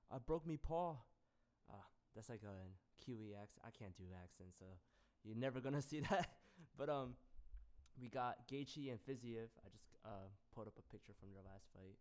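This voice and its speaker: A young man hosting a casual solo rant, rambling with lots of fillers, jumping between loud bursts and mumbled asides. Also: on the low side, clean tone. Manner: rambling, filler-heavy, frequent "like" and "um". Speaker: MMA commentary channel host.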